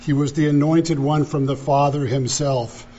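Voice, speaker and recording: A man preaching a sermon as pastor, deliberate and emphatic, repeating key phrases. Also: fairly high pitch, fairly even intonation, dark tone, highs cut off, a little hiss or hum.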